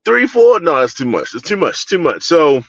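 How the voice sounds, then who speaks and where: A man's voice: fairly high pitch, very animated, moderate pace, dry recording, dull audio. A man from Baltimore co-hosting a wrestling review show, talking in a casual, opinionated way with lots of fillers, restarts and mocking asides. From Baltimore, USA.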